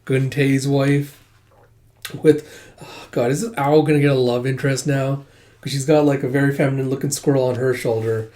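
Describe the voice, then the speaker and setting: Casual male manga recapper, rambling, mellow tone. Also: mid-range voice, steady tone, normal speed.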